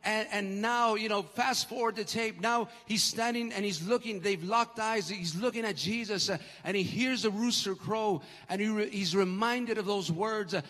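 Guy preaching a sermon, pretty high voice, acts out the quotes, long church echo on a live stream. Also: moderate pace, hardly any pauses, sharp tone. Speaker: pastor. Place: church sanctuary.

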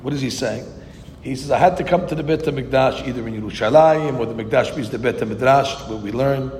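A man giving a verse-by-verse Torah class, reading Hebrew lines slowly, then translating and explaining them with rhetorical questions. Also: mid-range voice, a little mellow, slight background noise. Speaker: Torah teacher. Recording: long hall reverb.

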